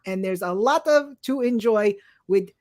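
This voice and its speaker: A woman reading a fan's review aloud in a put-on, halting mock Russian accent, dropping small words. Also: mid-range voice, animated, a little mellow, lightly acted. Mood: earnest.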